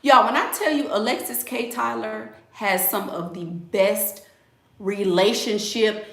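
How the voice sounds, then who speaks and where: A young woman hosts a casual livestream in a medium-pitched, creaky voice, unhurried, with a roomy sound. Animated and emphatic, she reads out donations, repeats her points, and uses Southern US slang, often saying "y'all."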